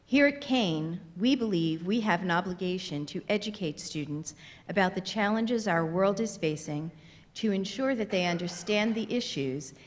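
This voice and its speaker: A woman hosting a conference, reading formal prepared remarks in a measured way. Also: medium pitch, animated. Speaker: event host. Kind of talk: scripted formal announcement. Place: large theater. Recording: reverberant theater hall.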